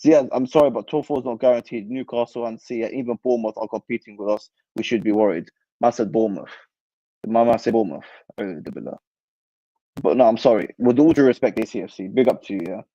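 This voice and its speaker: A man's voice: mid-range voice, fast talker, dry recording, muffled recording. Slangy young man ranting. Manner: animated, slangy, answers live comments. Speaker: football channel host. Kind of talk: casual livestream chat.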